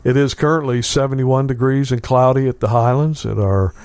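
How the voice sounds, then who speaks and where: A man hosting a casual local radio show from a small studio, talking in a halting way full of fillers. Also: medium pitch, fairly even intonation, darkish tone, no echo. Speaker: radio host.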